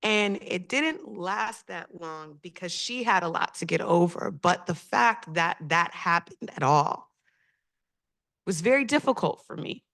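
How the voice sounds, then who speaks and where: A woman's voice: on the low side, expressive, measured pace, vocal fry, fairly bright tone. A woman speaking on a community panel, telling a personal story in a heartfelt, reflective way with frequent hesitations.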